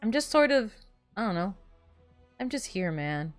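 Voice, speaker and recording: A woman streamer, very animated yet a little slow, rambles through stories full of fillers while chatting casually over a game. Her pitch is medium, and faint music plays behind her.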